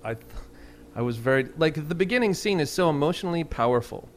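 A man's voice: fairly high pitch, lively intonation, fast, a little hiss or hum. A man talking casually in an interview as a touring band musician, rambling and self-deprecating, with many restarts.

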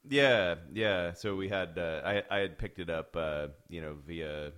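A man with an extremely deep voice, speaking as a guest in a casual interview. He rambles through his stories, halting with fillers along the way. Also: fairly bright tone, clean tone. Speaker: musician guest.

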